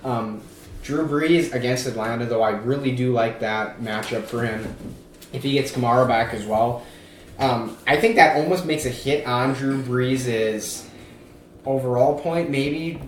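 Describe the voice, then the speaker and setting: A man's voice: mid-range voice, a little slow. Young male podcast host, loose and jokey, ums and likes, recorded in an echoey room. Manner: rambling, filler-heavy, joking. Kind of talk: casual fantasy football chat. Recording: echoey room with faint noise.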